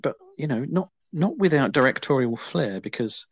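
A man's voice: medium pitch, expressive, moderate pace, husky, no echo. A man hosting a casual film review chat, talking with dry, wry understatement. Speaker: podcast host.

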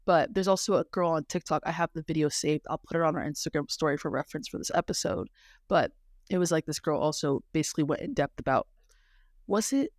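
A young woman co-hosting a casual chat podcast, talking in a chatty, animated way with quick asides. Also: low-pitched, no room sound, studio quality. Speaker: podcast co-host.

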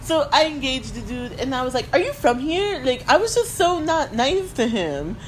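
A woman telling a story in casual chat, animated, laughing and mimicking others. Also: high voice, normal speed, a little hiss or hum.

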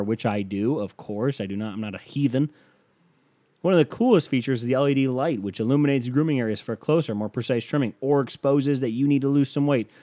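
A man's voice: mid-range voice, darkish tone, no echo. A man hosting a podcast, chatting sarcastically about the news and swearing casually, then doing a playful sponsor read. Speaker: podcast host.

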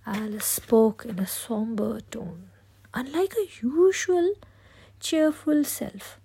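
A woman tells a story in soft whispered role-play. Her voice is breathy, mellow and gravelly, and her pace is very slow. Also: a little high, lively intonation. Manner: slow, hushed, breathy reading.

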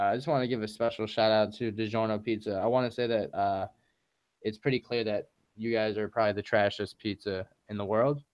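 A man co-hosting a casual podcast chat, easygoing and rambling, with plenty of fillers and shout-outs. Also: medium pitch, clear, resonant tone, dull audio. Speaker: podcast co-host.

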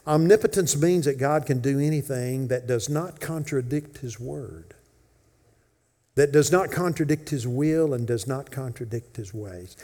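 A husky-voiced pastor delivers a sermon in a church sanctuary. He swings between ringing, emphatic declarations and hushed whispers, and his voice trails off into the long reverb of a large hall. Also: medium pitch.

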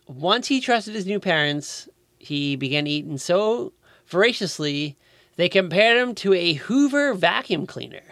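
A man's voice: sits high, animated, unhurried, no room sound, studio quality. A man co-hosting a podcast, telling a story in casual chat, swearing a lot and loading his talk with fillers. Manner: profane, filler-heavy storytelling with loud put-on voices. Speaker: podcast co-host.

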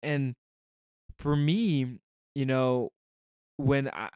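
Male co-host, slow halting delivery, earnest, clean and dry sound. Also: mid-range voice, a little mellow, smooth, no room sound. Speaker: podcast co-host. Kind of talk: casual faith discussion.

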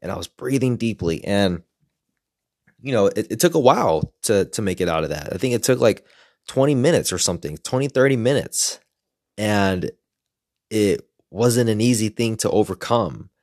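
A man's voice: lowish voice, lively intonation, moderate pace, a little mellow, no echo, studio quality. A man speaking frankly and reflectively in a casual personal monologue, swearing often as he shares his own experiences. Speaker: self-help creator.

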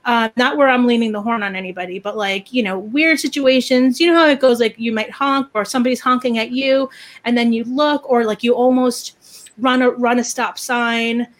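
A woman chatting casually as a podcast host, ranting in an animated, opinionated way. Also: a little high, normal speed. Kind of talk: casual chat.

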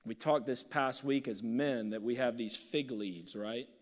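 A male pastor preaching a sermon, swinging from loud bursts to hushed, near-whispered passages. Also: medium pitch, a little slow. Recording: long reverb of a large hall.

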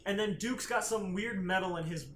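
A man's voice: sits high, moderate pace, fairly bright tone. Chatty, profane man recapping comics. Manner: rambling, profane storytelling with quoted voices. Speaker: podcast host. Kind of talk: casual chat recapping comics. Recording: roomy room with faint ambient noise.

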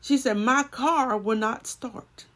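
A woman's voice: a little high, takes it slowly, sharp tone. A woman preaching a sermon and telling a personal story, building to emphatic swells.

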